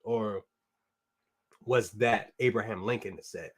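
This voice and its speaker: A man's voice: mid-range voice, animated, moderate pace, fairly bright tone. A man hosting a toy review live stream, rambling in an upbeat, slangy way and reading out viewer comments. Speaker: toy review show host. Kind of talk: casual live-stream chat.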